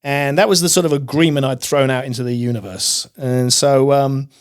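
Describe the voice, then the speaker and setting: A middle-aged man telling his life story as a podcast guest, emphatic and animated, acting out his own past outbursts. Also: mid-range voice, moderate pace, clean tone. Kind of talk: testimony in casual interview.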